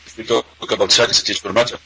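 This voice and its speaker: Earnest caller, halting second-language English. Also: male voice, fairly low pitch, steady tone, gravelly, crowd noise, poor audio. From Arab world. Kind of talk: call-in conversation.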